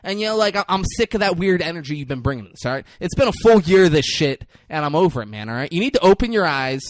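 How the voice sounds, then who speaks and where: A man's voice: fairly high pitch, big pitch swings, fast talker, dry recording. A young man co-hosting a podcast, casually recapping a movie in a crude, joking way and mimicking lines. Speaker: podcast co-host.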